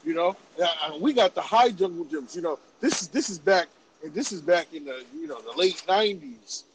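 High-voiced, profane man telling a story. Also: fairly quick, poor audio. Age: about 40. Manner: animated, profane, laughing. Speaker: podcast host. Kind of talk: casual storytelling.

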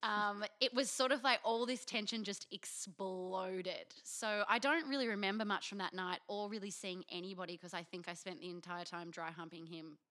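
A woman's voice: mid-range voice, fairly even intonation, moderate pace, few pauses, sharp tone. A young Australian woman telling a frank, self-mocking story as a podcast co-host. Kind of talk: candid storytelling chat.

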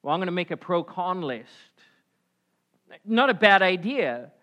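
Pastor guy preaching, bright ringing voice, gets loud then drops quiet. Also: high voice, sing-song, measured pace. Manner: emphatic preaching, swinging between loud calls and quiet asides. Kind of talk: sermon.

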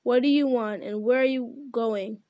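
A gruff, hearty old farmer, as a woman reads him aloud, calling out bluntly with a rustic bluntness and a raised voice. Her reading voice sits a little high for a woman, and the farmer keeps that lightness under the bluster. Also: measured pace, dark tone, dry recording, dull audio, lightly acted.

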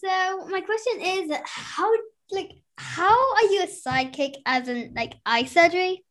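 A woman's voice: extremely high pitch, unhurried, a bit bright. A young girl chatting and asking questions on a podcast, giggly and full of fillers. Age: child. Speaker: guest questioner.

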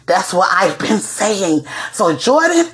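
A woman hosting a celebrity gossip show, talking in a sassy, animated way and bursting into shouts. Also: mid-range voice, takes it slowly, slight background noise. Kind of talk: casual gossip commentary. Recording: echoey room.

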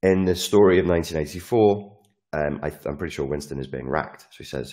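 A man with a very deep voice delivers a casual, animated monologue a little fast, swearing freely and jumping between asides. He slips into small performances of the lines he quotes.

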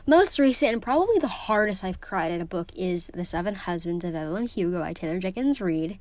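A woman's voice: mid-range voice, expressive, fairly quick, hardly any pauses, no echo. Gushing teenage girl, dry sound. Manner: gushing and emotional, many fillers. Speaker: book vlogger. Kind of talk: casual vlog chat.

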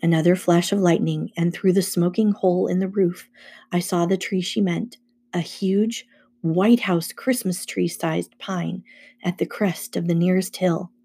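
Gravelly woman reading a story aloud. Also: lowish voice, a little slow. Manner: steady first-person storytelling. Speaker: narrator. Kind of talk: audiobook reading.

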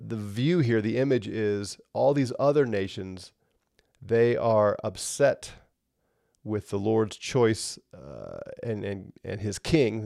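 A man teaching a Bible lesson with a low, gravelly voice. He talks conversationally and keeps checking in with "right?", and the dry, close sound carries no room echo. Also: darkish tone.

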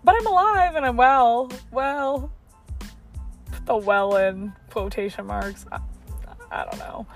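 A woman's voice: fairly high pitch, sing-song, creaky, soft background music. A young woman in her car telling a story to her phone in a chatty vlog, with lots of "like". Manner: chatty, fast, heavy use of "like". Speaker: vlogger.

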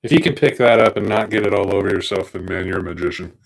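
A man's voice: sits low, fast, vocal fry, low-quality recording. A man in casual chat as a podcast co-host, joking around and laughing easily.

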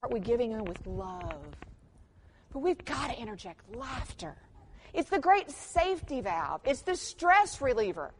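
A middle-aged woman giving a conference workshop talk, telling family stories with humor and lively emphasis. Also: fairly high pitch, measured pace, slightly rough. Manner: animated storytelling with humor, mixes in quoted voices. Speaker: conference speaker.

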